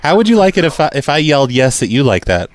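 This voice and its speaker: A man making prank phone calls, acting hurt and complaining that he is being yelled at. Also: fairly high pitch, sing-song, quick pace. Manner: mock-emotional, whiny complaints. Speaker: prank caller.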